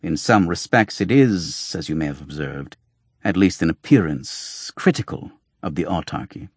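A man's voice: low voice, expressive, moderate pace, slightly rough, no echo, studio quality. A man voicing a sly, fox-faced male doctor and showman, who talks with wry, mocking ease in an audiobook reading. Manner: wry, mocking, flowing speech.

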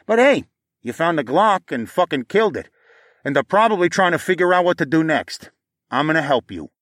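A man's voice: on the high side, sing-song, brisk, fairly bright tone, dry recording, studio quality, voice pushed up. A man voicing a paranoid, foul-mouthed male inventor who rants and boasts in a recorded message. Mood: brash. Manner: profane, boastful, ranting.

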